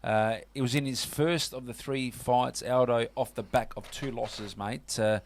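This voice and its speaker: A man's voice: mid-range voice, fairly even intonation, measured pace, slight background noise. A man with an Australian accent hosting a casual sports radio show, chatty and full of fillers. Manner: chatty, lots of fillers and "mate".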